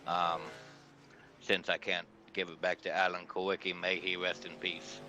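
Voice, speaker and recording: Halting, lower-voiced male co-commentator. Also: flat delivery, gravelly, pushed and bright, faint music behind. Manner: halting, many restarts and fillers. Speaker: color commentator. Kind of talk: casual race commentary.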